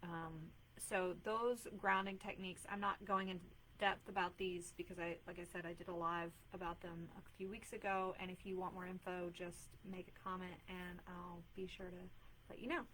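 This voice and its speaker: A mom life coach in her thirties hosts a live video, giving earnest, chatty advice with lots of filler words in casual live-stream talk. Her voice is lowish, level, and a bit bright at normal speed, over a rough recording with slight background noise.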